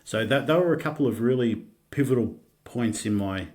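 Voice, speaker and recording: A middle-aged man with an Australian accent, a podcast guest telling his own story candidly, halting and restarting often and swearing casually. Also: medium pitch, expressive, darkish tone.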